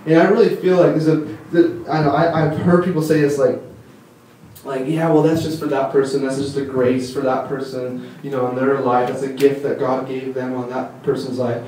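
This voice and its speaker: A man's voice: mid-range voice, level tone, moderate pace, dark tone, slight background noise. A young man giving a casual, rambling sermon at a conference, full of fillers and enthusiastic stories. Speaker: conference speaker. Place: church hall. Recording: echoey hall from far off.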